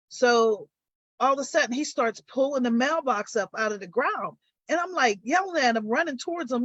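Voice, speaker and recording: An older woman, a guest on a live stream, recounting her own story and getting animated as she retells arguments. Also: on the high side, moderate pace, no echo, lo-fi sound.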